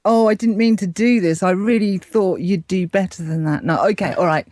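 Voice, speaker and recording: An English woman co-hosts a relaxed talk show and teases her guests playfully. She laughs easily and keeps things light. Her voice sits mid-range and sounds dry and close. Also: medium pitch, moderate pace, dry recording. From England. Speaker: co-host, correspondent. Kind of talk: casual podcast chat.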